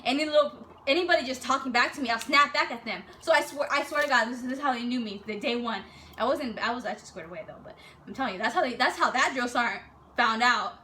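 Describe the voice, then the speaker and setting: A young woman telling a story in a casual, animated way, swearing freely and acting out what people said. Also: a little high, quick pace, a little hiss or hum. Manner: animated, profane, acts out quotes.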